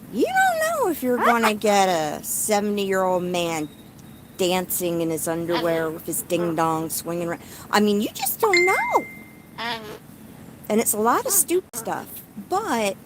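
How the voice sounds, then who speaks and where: A woman from Tennessee talks slowly and casually to her viewers, reading comments aloud while hushing a restless bird. She is outdoors at home, holding her phone, with a faint hiss of noise behind her. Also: mid-range voice. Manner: soothing a noisy bird between chatty asides. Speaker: vlogger with a pet cockatoo. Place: outdoors at home with birds and dogs nearby. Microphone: handheld phone.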